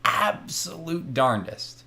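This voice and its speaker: A man's voice: a little high, sing-song, slow pace, gravelly, sharp tone. A man running a tabletop game as game master, narrating casually.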